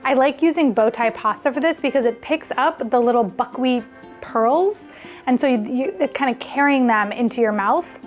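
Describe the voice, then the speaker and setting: A woman hosting a casual cooking vlog, chatting enthusiastically as she cooks in her home kitchen. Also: a little high. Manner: chatty and enthusiastic, thinks aloud while cooking. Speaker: cooking video host.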